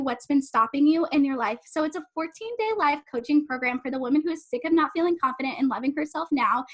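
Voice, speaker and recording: Over a video call, heard through a computer mic, a young woman life coach hosts a live online summit and chats casually with attendees. Her high, bright voice pours out quickly in a bubbly, rambling, effusive stream as she gushes at her audience.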